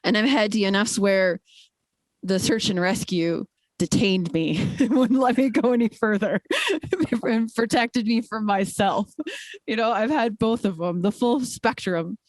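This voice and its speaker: A woman's voice: mid-range voice, unhurried, no room sound. A woman guest, a trail ultrarunner, talking candidly and emphatically in a casual interview, with many fillers.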